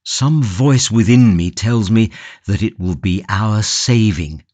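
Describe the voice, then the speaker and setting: A man's voice: fairly low pitch, takes it slowly, darkish tone, no echo. A man voicing a passionate, stoic imprisoned tulip grower in an audiobook, grave and impassioned. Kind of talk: audiobook character reading.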